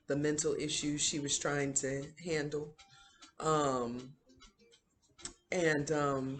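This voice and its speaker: A woman's voice: sits low, slight background noise. A woman hosting a video who retells a series in a casual, rambling way, with many fillers. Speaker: video host. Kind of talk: casual show recap.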